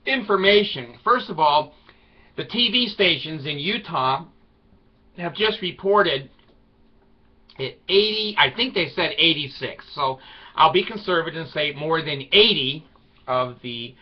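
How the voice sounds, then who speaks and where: A man's voice: a little high, lively intonation, slow pace, pauses often. A man talking to camera in a loose, rambling monologue, wry and irreverent in tone. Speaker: video blogger. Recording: slightly dull lo-fi recording.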